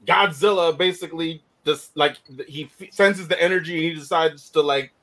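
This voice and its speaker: A man hosting a casual movie talk, animated, often laughing and restarting his sentences. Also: on the high side, normal speed. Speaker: podcast host.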